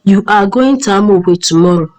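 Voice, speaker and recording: A woman voicing a jealous, scheming mother who yells and barks orders in a storybook tale. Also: mid-range voice, moderate pace, natural voice, poor audio. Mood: scolding. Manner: yelling, barking orders.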